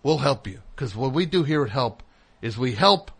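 A man's voice: mid-range voice, animated, moderate pace, gravelly, slightly rough. A man hosting a comedy talk show, telling a rambling story in casual chat and mimicking other people in raised voices. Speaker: comedy radio host.

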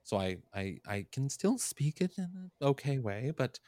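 Big pitch swings mark this man's mid-range, darkish voice as he talks at normal speed. In his forties and co-hosting a casual chat, he stammers and repeats himself while working through his thoughts, with no echo in the recording.

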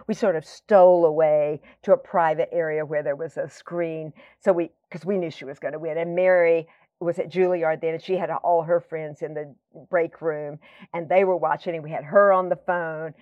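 A woman's voice: sits low, no echo, highs cut off. A woman guest telling long, rambling stories in casual conversation, full of fillers and tangents. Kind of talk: conversational storytelling.

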